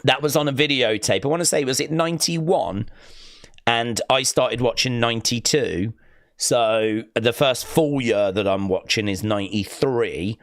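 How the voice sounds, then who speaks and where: A man hosts a wrestling live stream, chatting loosely and rambling through fond memories, acting out quotes and using plenty of fillers. He has a medium-pitched voice at a measured pace, and the clean studio recording carries no room sound.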